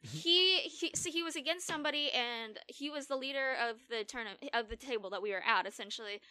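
A woman guest on a podcast telling animated stories in casual chat, full of fillers and acted-out quotes. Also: sits high, brisk, no room sound. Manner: animated storyteller, acts out quoted people, many fillers. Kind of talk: casual storytelling interview.

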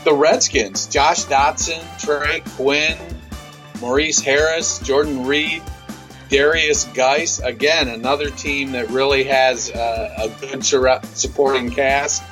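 A man from Ohio, co-hosting a casual podcast and giving measured, analytical takes that list off names. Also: medium pitch, steady tone, a bit bright, faint music behind. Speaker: podcast co-host.

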